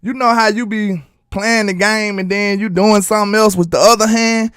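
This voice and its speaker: A man's voice: high voice, normal speed, clear, resonant tone, no echo, studio quality. Hype-preaching man. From Alabama, US. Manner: animated, preachy, repeats rhetorical questions. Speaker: sports commentary host. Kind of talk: fan hype commentary livestream.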